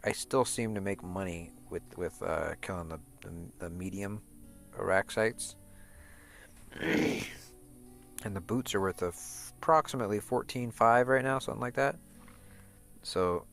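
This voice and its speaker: A man's voice: fairly low pitch, gravelly, fairly bright tone. A man streaming a game, talking in a profane, rambling rant full of restarts and repeated words. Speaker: gaming streamer. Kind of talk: casual chat over gameplay.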